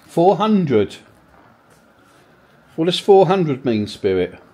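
Lively man calling out to spirits. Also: on the high side, slow pace. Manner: questioning, coaxing, uneasy. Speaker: paranormal investigator host. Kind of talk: ghost-hunt vlog, calling out to spirits. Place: old mill cellar rooms, indoors.

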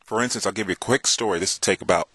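An American man in his forties talking slowly to camera in a casual monologue, with many pauses and fillers. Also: on the low side, bright, forceful tone, breathy edge, dry recording. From United States. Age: 40s. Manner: slow, hesitant, many fillers. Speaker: vlogger. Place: abroad.

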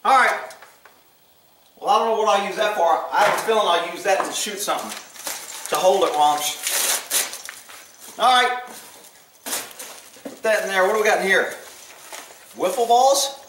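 A channel host opens gifts on camera at a table in a room at home, muttering to himself and cursing freely in casual unboxing chatter. His high-pitched, fairly bright voice moves at a moderate pace with long pauses. He's far from the mic, so the room echoes and there's faint noise.

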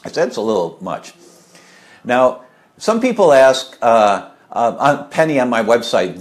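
A man's voice: mid-range voice, sing-song, measured pace. A middle-aged man talking casually and live about health, rambling with many fillers and asides while answering viewer questions.

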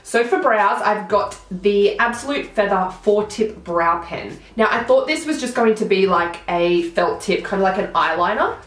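A woman's voice: mid-range voice, lively intonation, normal speed, few pauses, fairly bright tone, echoey room. A young woman with a blocked nose, chatting through a makeup tutorial as she applies each product. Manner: chatty, narrating each step as she works. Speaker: beauty vlogger.

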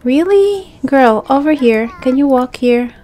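A woman giving casual gameplay commentary, chatting to the characters on screen and bursting into excited exclamations. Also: mid-range voice, takes it slowly. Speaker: gaming channel host.

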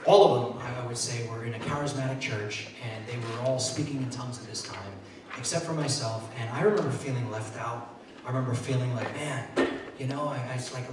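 A man's voice: medium pitch, brisk. Male pastor, earnest sermon delivery with stammered repeats, recorded far off in a roomy, echoey hall. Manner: earnest, repeats words, rising to excited bursts. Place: church sanctuary. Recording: echoey hall, mic far off, faint noise.

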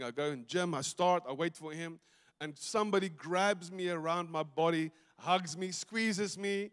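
A man from South Africa preaching a sermon and telling stories, swinging between loud bursts and hushed, quiet passages. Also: high voice. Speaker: pastor. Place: church sanctuary. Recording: church hall reverb.

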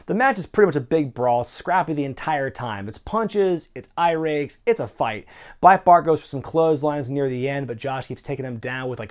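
A man hosting a wrestling review show, talking in a wry, excitable way and swearing freely. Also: fairly high pitch. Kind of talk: casual recorded review narration.

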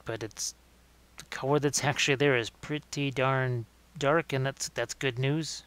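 A man giving a live-streamed miniature painting demonstration, relaxed and thinking aloud as he works, often correcting himself mid-sentence. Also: mid-range voice, measured pace, smooth.

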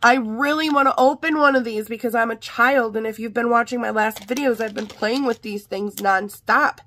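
Hoarse, chatty woman vlogger. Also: on the high side, normal speed, a bit bright. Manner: chatty, rambling. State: hoarse from illness. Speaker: haul vlogger. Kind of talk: casual haul vlog. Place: home art room and office.

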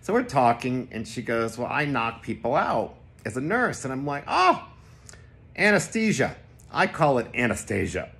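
A man casually telling a personal anecdote to the camera, animated and jumping into high voices when he quotes people. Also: normal speed, few pauses. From Connecticut. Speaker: vlogger telling a personal story.

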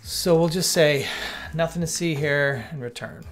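A man's voice: a little high, a little slow. A man teaching coding on a livestream, thinking aloud and correcting himself as he chats to viewers. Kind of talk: casual live coding walkthrough. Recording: light background music. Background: faint music.

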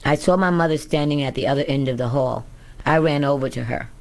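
A woman's voice: very deep voice, brisk. A woman narrating her own memoir as an audiobook in a candid, first-person storytelling manner. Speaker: author reading her memoir.

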